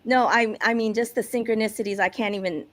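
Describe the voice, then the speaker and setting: A woman's voice: fairly high pitch, fairly even intonation, fast talker. A bubbly woman talking as a podcast guest, giggling often and rambling through her thoughts with frequent restarts. She comes through a video call from a small rented room. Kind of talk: casual interview talk. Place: Airbnb rental room.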